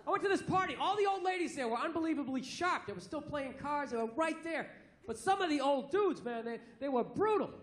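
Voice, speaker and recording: A man's voice: extremely high pitch, expressive, fairly quick, a bit bright. A man in his forties with a Boston accent doing a stand-up comedy set, brash and profane, ranting with mock outrage. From Massachusetts, USA. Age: 40s. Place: theater stage. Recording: echoey theater with crowd laughter. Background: audience laughter and ambience.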